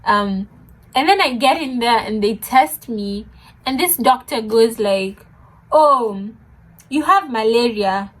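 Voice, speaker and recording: A young woman telling a funny story, animated, laughing often and mixing in Swahili words. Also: a little high, takes it slowly. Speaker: vlogger. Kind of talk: casual storytime.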